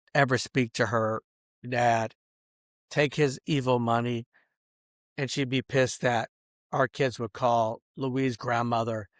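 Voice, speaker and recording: A man's voice: mid-range voice, no echo, studio quality. A middle-aged man in an angry, rambling vlog rant, swearing and ending sentences with "bro" and "dog". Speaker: vlogger.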